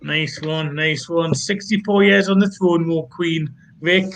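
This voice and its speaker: A man's voice: on the high side, steady tone, unhurried, gravelly, fairly bright tone, slight background noise. A man with a Geordie accent hosting a pun contest, chatty and teasing, with self-mocking banter. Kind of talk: casual banter.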